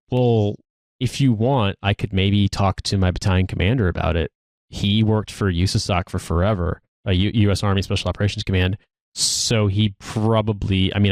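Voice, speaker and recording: A man in his thirties with a fairly low voice, co-hosting a casual podcast and spinning long rambling stories. He restarts sentences often and circles back on himself. The sound is dry and close. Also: no room sound. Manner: rambling storyteller, frequent restarts. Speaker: podcast co-host, army veteran.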